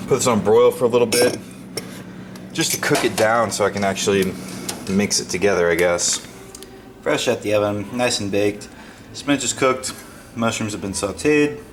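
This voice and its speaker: A young man vlogging casually at home, rambling with offhand, self-mocking asides. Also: on the low side. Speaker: fitness vlogger. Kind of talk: casual vlog narration. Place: home, kitchen and bathroom. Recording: home video with clear background noise.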